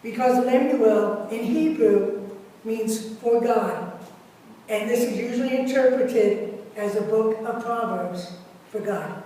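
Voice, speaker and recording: Woman preacher, fairly high voice, unhurried sermon, distant mic in a reverberant sanctuary. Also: warm tone. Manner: slow, deliberate delivery with measured pauses. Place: church sanctuary. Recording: echoey church hall from far off, faint hiss.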